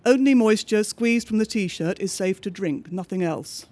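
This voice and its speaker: A man with a notably high voice reads a bleak diary-style story aloud. His delivery is measured and understated, with each entry set down plainly. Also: dark tone. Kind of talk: scripted narration of a diary story.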